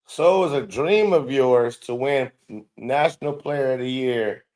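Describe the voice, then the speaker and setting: A man's voice: medium pitch, a little slow, a little mellow. A man hosting a show, mocking and incredulous as he comments on a replayed clip and mimics the speaker. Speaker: show host reacting to a clip.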